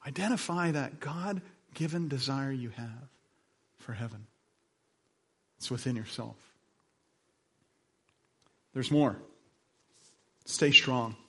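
A male pastor preaching a sermon, moving from quiet, slow passages to loud, emphatic ones, with chatty asides as he tells stories. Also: slightly rough. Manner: dynamic delivery, swinging between soft lows and emphatic highs; conversational storytelling with asides.

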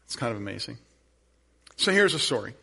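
A man pastor preaching at a middling pitch. He tells stories in a loose, conversational way and leads prayer in a soft voice. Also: sing-song, brisk, vocal fry. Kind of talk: sermon.

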